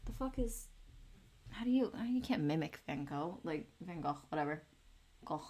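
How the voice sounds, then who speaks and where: A woman's voice: low voice, expressive, moderate pace, long pauses, dark tone. A woman in her late twenties chatting casually and rambling as she draws on a live stream, swearing freely. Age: late 20s. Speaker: art streamer. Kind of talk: casual chat while drawing.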